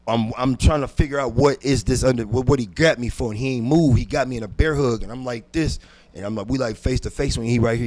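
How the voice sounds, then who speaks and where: A man's voice: mid-range voice, dry recording. Intense man telling a story. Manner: intense, swings from hushed to loud; repeats words and restarts while recounting. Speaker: guest comedian. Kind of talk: telling a personal story in a podcast interview.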